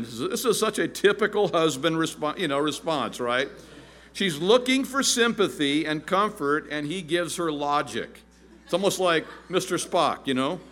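A man in his fifties preaching a sermon as pastor, animated and joking, acting out quotes in a shrill voice. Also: moderate pace.

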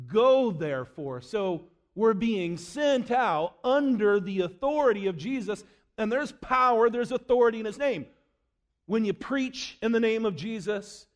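A man preaching a sermon, dropping low and quiet for quoted scripture and rising for emphasis.

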